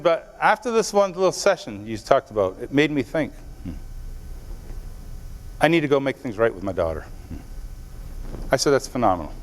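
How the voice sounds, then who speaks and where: Earnest male speaker in a reverberant hall. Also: fairly high pitch. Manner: storytelling, earnest, directly addresses the audience. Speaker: motivational speaker. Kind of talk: speech to a live audience.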